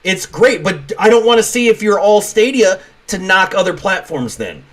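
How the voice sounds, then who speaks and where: High-voiced rambling podcast man. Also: animated, moderate pace, a bit bright. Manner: rambling, swears, laughs often. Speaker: podcast co-host. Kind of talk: casual chat.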